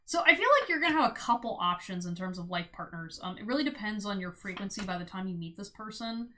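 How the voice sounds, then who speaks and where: A young woman streaming a casual tarot reading, bubbly and giggly, with sudden loud exclamations and lots of "like". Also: mid-range voice, expressive, fast, slight background noise.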